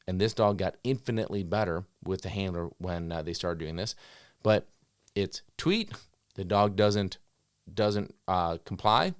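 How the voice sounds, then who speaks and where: A man who trains dogs, giving an instructional talk in a direct, coaching way and acting out owners' commands and dogs' thoughts in quick voices. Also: on the low side, clean tone, no room sound, clean studio sound. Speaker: dog trainer.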